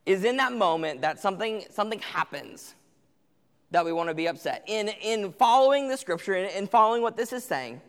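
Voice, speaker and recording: A man's voice: sits high, big pitch swings, a little fast, smooth. Young man preaching in a reverberant hall. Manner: conversational, acts out parent and teen quotes. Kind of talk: sermon to teens.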